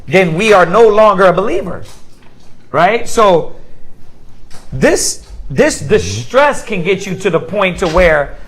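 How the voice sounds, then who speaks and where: A man with a high-pitched voice teaches a Bible class. He keeps asking the room questions and waits for answers, then acts out everyday scenes to drive each point home. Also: slow, poor audio. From United States. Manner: call-and-response questioning, animated acted-out examples.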